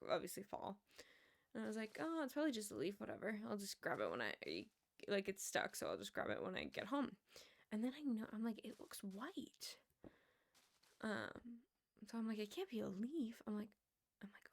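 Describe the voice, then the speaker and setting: A chatty young woman talking to her live stream viewers in a high-pitched voice. She rambles through her story, often laughing and padding her talk with "like". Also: vocal fry.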